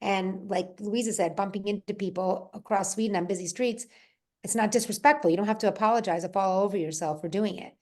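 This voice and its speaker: A woman's voice: mid-range voice, a little fast. Chatty American woman from Rhode Island. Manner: animated storytelling, frequent restarts and laughs. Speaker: podcast guest or co-host. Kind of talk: casual conversational podcast talk.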